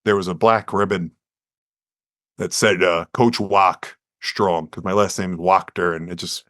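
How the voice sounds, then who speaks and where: A man's voice: low-pitched, normal speed, no echo, studio quality. A man, telling his story earnestly as a podcast guest and acting out quotes with energy. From United States. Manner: earnest, animated storyteller who acts out quotes.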